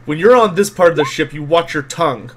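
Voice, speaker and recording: A man's voice: fairly high pitch, normal speed, a little hiss or hum, natural voice. A man voicing a surly, contemptuous male ship's deckhand who growls his words. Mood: irritated.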